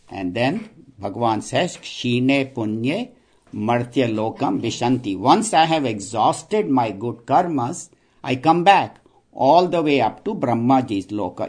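A man's voice: medium pitch, darkish tone. Guy teaching scripture, tells jokes and laughs along, trips over words a bit. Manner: storytelling, chuckling, many restarts. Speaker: spiritual teacher.

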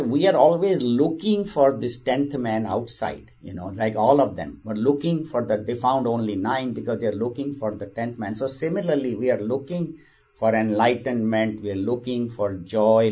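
A man's voice: medium pitch, mellow, breathy edge. A man giving a spiritual discourse. He speaks in a conversational way, repeats phrases and tells a parable. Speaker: spiritual teacher.

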